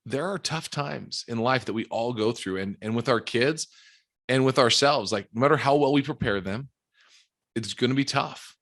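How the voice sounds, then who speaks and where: A man's voice: mid-range voice, a bit bright. A man speaking as a podcast guest, earnest and encouraging in casual conversation.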